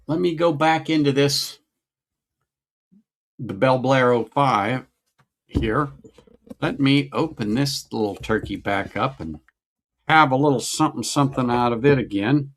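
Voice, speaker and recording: A man's voice: mid-range voice, unhurried, pauses often. A middle-aged man chatting casually on a whiskey-tasting livestream, musing aloud and greeting viewers. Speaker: livestream host.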